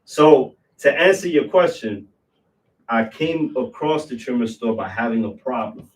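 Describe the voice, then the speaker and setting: A man tells his business story in a loose podcast chat, his pitch sitting right in the middle. He strings steps together in quick lists. His voice is picked up from a little way off the microphone. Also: distant mic, poor audio. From New York. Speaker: business owner guest. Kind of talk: casual interview chat.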